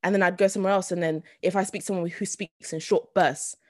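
A woman in casual podcast chat, chatty and giggly with quick asides. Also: fairly low pitch, steady tone, no room sound, studio quality.

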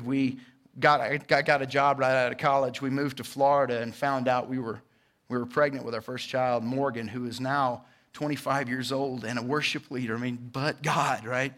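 A man, giving a casual, lively testimony to a church congregation and calling out to the crowd. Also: medium pitch, moderate pace. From Georgia, US. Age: 40s.

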